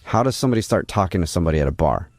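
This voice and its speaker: Lively male radio co-host. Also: deep voice, rapid-fire, soft background music. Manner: jokey, mimics people. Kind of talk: morning radio banter.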